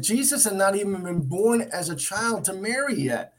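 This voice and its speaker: A man's voice: high voice, sing-song, normal speed. A man co-hosting a Christian talk show, teaching from the Bible in an earnest, emphatic way, often restarting and repeating himself. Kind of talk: Bible teaching in casual chat.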